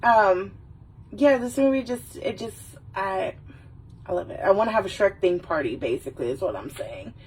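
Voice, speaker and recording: A tipsy woman rambles and swears cheerfully with a husky, slightly breathy voice. She sits a little back from the microphone, so she sounds distant. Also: mid-range voice, lively intonation, darkish tone. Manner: rambling, swears a lot, does quick silly movie voices. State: a little drunk. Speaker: vlogger. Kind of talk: casual tipsy chat.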